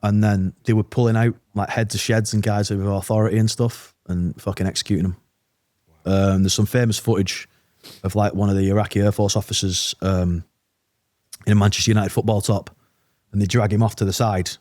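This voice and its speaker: Fast-talking blunt British army veteran. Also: male voice, lowish voice, little pitch movement, a little mellow, dry recording, clean studio sound. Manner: blunt, swearing, fast storytelling with quoted dialogue. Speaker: podcast guest, army veteran. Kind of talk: casual storytelling interview.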